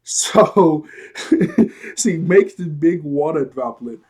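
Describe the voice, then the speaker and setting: A man talks through an episode he watched in a relaxed, rambling way, laughing easily along the way. His delivery is loose and conversational, full of fillers. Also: on the high side, extremely slow, slight background noise. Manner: loose, chatty, laughs often, lots of "like". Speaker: show reviewer. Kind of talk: casual episode recap.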